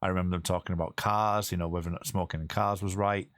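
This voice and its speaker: A low-pitched man hosts a podcast in a loose, casual chat. He rambles and restarts his sentences as he works through a point. His voice sounds close and dry, with no room around it. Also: fairly even intonation, fast talker, fairly bright tone, no echo. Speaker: podcast host.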